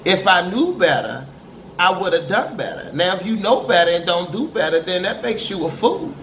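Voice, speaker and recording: A woman's voice: lowish voice, very animated, normal speed. A middle-aged woman speaks to camera in a candid, emphatic, preachy way, often calling her listeners honey. Her voice rings in a reverberant room. A faint hiss sits under the recording. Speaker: parent giving advice. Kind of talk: candid motivational talk to camera. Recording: echoey room with faint noise.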